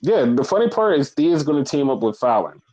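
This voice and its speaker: A man's voice: medium pitch, big pitch swings, brisk, a little mellow, muffled recording. Male podcast host, casual, blunt and swearing, rambles on. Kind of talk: casual wrestling recap chat.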